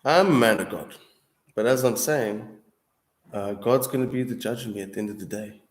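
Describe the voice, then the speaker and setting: A young streamer answers viewers in a heated, casual monologue, swearing often and calling the listener bro and dude. His voice is lowish at normal speed, and the room sounds echoey.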